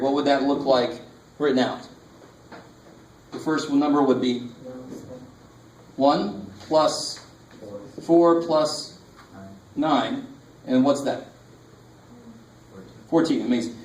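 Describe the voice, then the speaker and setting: A man's voice: a little high, slight background noise. Casual man lecturing in an echoey room. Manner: casual, joking, talks to students directly. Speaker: math instructor. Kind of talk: classroom lecture. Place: lecture classroom.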